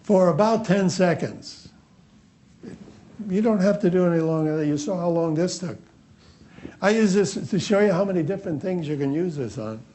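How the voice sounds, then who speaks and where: A man's voice: sits high, expressive, normal speed, dark tone. A man teaching a workshop class, telling anecdotes in a loose, repetitive way and acting out the dialogue. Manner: storytelling, acts out dialogue, repeats himself. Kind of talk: anecdotal seminar lecture.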